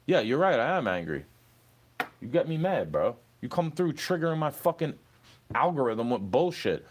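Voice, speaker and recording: A young man in an angry, profane rant aimed at an online troll. His pitch swings widely as he lectures and taunts, and he keeps falling back on "bro.". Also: very animated, normal speed, a little hiss or hum. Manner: profane, confrontational, repeats "bro".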